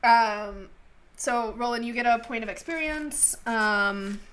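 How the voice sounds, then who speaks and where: A woman's voice: on the high side, fairly bright tone. A woman running a tabletop game as game master, narrating scenes and calling for rolls. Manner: descriptive, unhurried narration with fillers.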